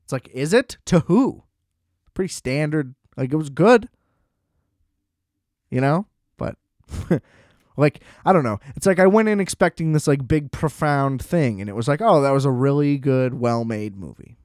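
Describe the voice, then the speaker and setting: A man's voice: a little high, sing-song, a little slow, long pauses, darkish tone, no room sound, clean studio sound. Profane, joking man reviewing a movie. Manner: loose, profane, joking recap with laughs. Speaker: film review show host. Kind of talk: casual movie review chat.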